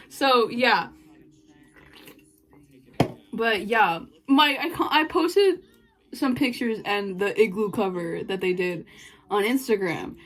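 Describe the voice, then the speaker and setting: A woman's voice: medium pitch, takes it slowly, pauses often, a bit bright. A young woman vlogging a casual storytime, rambling, giddy and swearing, with bursts of laughter.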